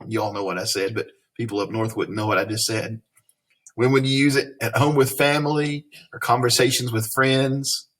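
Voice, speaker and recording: A man with a Tennessee Southern accent teaches a reading lesson in a folksy manner. His voice is husky and sits in a middle pitch, and he often checks in with leading questions. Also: steady tone, normal speed, a bit bright. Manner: folksy, explains then asks leading questions.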